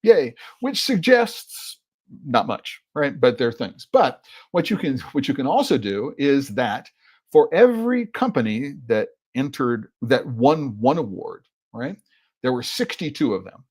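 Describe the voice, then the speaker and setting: A man's voice: mid-range voice, big pitch swings, a little slow, darkish tone, husky. A man hosting a solo podcast, thinking aloud in a rambling, exasperated way with lots of fillers. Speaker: podcast host. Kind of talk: casual solo podcast commentary.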